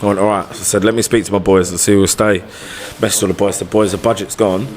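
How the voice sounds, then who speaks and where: Man, low voice, football manager type, blunt and sweary, casual chat. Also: steady tone, fast, a little mellow. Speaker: football manager, podcast guest.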